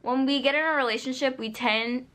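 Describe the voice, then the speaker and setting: A woman's voice: high-pitched, fairly even intonation, a little fast, a bit bright. A young woman vlogging, giving casual, unscripted advice straight to camera, full of "like" and "you know". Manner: earnest, direct advice-giving.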